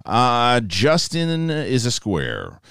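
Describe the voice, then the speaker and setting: Casting: animated male co-host, lively pitch, dry close mic. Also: very slow, vocal fry, clean tone, no echo. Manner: rambling, animated storytelling. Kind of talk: casual live-stream chat.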